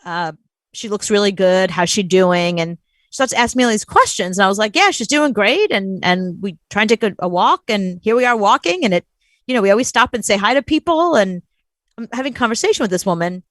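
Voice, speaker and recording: A woman's voice: mid-range voice, a little fast, no echo. A woman co-hosting a show, telling a story in casual chat and acting out the people she quotes. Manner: animated, acts out quoted voices. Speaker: co-host.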